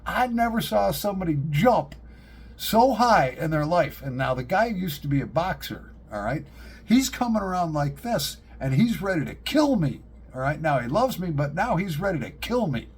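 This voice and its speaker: A middle-aged man, vlogging to camera and telling animated, joking stories, laughing at his own punchlines. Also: on the high side, normal speed, breathy edge. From upstate New York. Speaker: pipe-smoking vlogger. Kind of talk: casual storytelling to camera.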